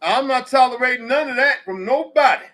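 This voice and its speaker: A middle-aged man with a high, bright voice hosts a casual live audio discussion. He talks bluntly and curses freely, telling stories in a plain, direct way. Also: a little fast. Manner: blunt, profane storytelling. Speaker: host.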